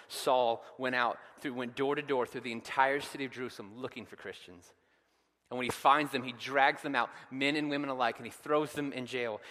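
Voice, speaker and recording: A man preaching a sermon with a bright, forceful edge to his voice, retelling scripture dramatically and building to loud, emphatic peaks. His voice carries a long reverb, as if filling a big church sanctuary. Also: mid-range voice. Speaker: pastor.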